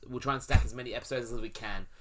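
A man's voice: mid-range voice, steady tone, rapid-fire, noisy background. A man co-hosting a podcast in casual chat, easygoing and rambling. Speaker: podcast co-host.

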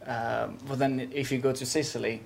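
A man's voice: medium pitch, flat delivery, moderate pace, gravelly, slight background noise. A man from Italy with an Italian accent, a guest chatting casually and laughing easily, with many fillers. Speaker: guest, small business owner. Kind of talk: casual interview chat.

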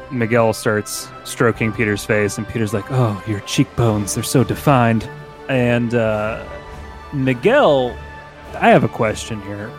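Male podcast co-host, middle pitch, playful comic chat over faint music. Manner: joking, breaks into laughter and quick put-on voices. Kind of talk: casual comedic chat reading fan fiction aloud.

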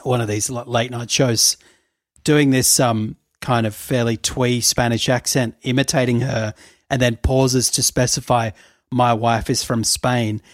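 A man's voice: medium pitch, level tone, unhurried, dry recording, studio quality. A man co-hosting a podcast, telling a story in casual chat, full of fillers and laughter. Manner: chatty storytelling, laughs often, many fillers. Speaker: podcast co-host.

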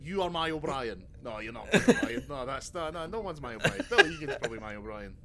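A man's voice: fairly high pitch, sing-song, fast, crowd noise. A man co-hosting a casual podcast chat, rambling and sweary, full of restarts and tangents. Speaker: podcast co-host.

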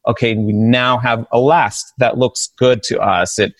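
A man's voice: mid-range voice, measured pace. A man in his forties, a podcast guest, telling a story in a casual way and acting out the voices he quotes. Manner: animated, acts out quoted voices. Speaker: streetwear brand founder, podcast guest. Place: podcast studio.

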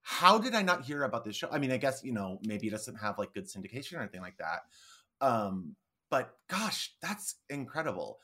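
A woman co-hosting a casual podcast, talking expressively and swinging between loud and soft. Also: extremely low pitch, big pitch swings, brisk, slightly rough. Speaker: podcast co-host.

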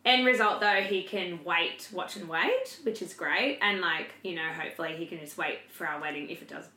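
A young woman talks through personal stories in a candid, chatty way, swearing freely and leaning on fillers. Her voice is bright and sits a little low. The room around her rings with echo. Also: normal speed. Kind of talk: casual personal chat.

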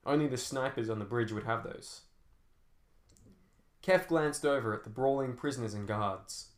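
A man's voice: medium pitch, normal speed. A man narrating an action novel as an audiobook, telling fight scenes dramatically with shifting pace. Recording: roomy echo.

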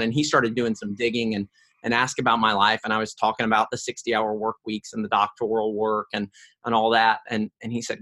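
A middle-aged man, a guest in an interview, telling a personal story in a lively way and often repeating his first words. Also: mid-range voice, fairly quick.

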